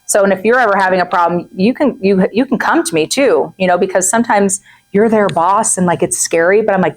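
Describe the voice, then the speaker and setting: A woman's voice: medium pitch, fairly quick, poor audio. A woman in her forties giving a chatty masterclass talk to a group, often checking in with "right?" and "okay?" and acting out quoted people. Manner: frequent "right?" and "okay?" asides. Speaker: real estate coach.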